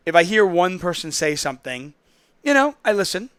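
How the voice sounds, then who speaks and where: A man's voice: sits high, very animated, normal speed, fairly bright tone, clean tone, no room sound, studio quality. A man hosting a casual call-in poker podcast, telling stories in a chatty, rambling way. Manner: chatty, storytelling, self-interrupting. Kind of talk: casual solo call-in show talk.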